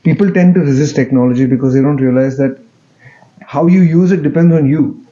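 A man, answering interview questions in a relaxed, joking way with many fillers and restarts. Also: fairly high pitch, a little fast, dull audio, a little hiss or hum. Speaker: interview guest, music director.

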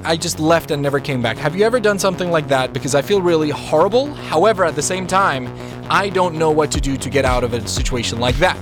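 Guy on the radio telling a funny story about himself, chatty, kinda high voice. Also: lively intonation, fast talker, a bit bright, no room sound, faint music behind. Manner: chatty, self-mocking storytelling. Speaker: radio host. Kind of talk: casual radio chat.

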